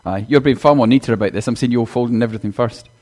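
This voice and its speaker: A man's voice: medium pitch, very fast, darkish tone. A man giving a chatty sermon in a church, talking directly to the congregation and acting out a children's talk. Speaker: minister.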